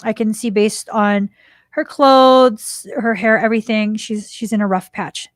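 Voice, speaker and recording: A woman's voice: medium pitch, a little slow, no echo, studio quality. A woman hosting a spiritual podcast, telling a personal story with emotion and acting out the dialogue. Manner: emotional, animated retelling with quoted dialogue. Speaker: podcast host. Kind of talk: heartfelt storytelling.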